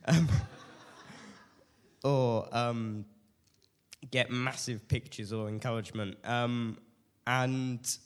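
A man's voice: medium pitch, fairly even intonation, extremely slow, pauses often, clear, resonant tone, big-room sound. A man in his late teens with a cold, giving a hesitant, self-deprecating personal testimony to a church group. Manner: nervous, self-deprecating, hesitant with many fillers. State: has a cold.

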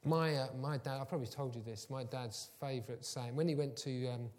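A man preaching a sermon, telling personal stories, moving from quiet and low to loud and emphatic. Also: brisk. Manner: warm storytelling, swings from soft and low to loud and emphatic. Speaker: pastor. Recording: long hall reverb.

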